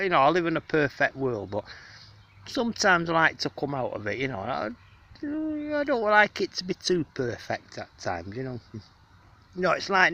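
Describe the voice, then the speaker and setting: Man, gravelly voice, genteel affected manner, rambling fillers, outdoors, handheld camera. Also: mid-range voice, pushed and bright. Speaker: vlogger. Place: outdoors in the countryside on a hot day.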